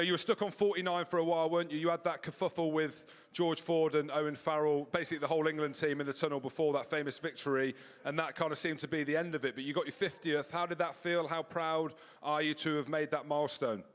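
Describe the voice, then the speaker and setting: A man's voice: fairly high pitch, steady tone, quick pace, few pauses. A man from Scotland hosting a live fan show in a clubhouse, joking and upbeat with the crowd. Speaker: host. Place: clubhouse before a live audience. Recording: long hall reverb.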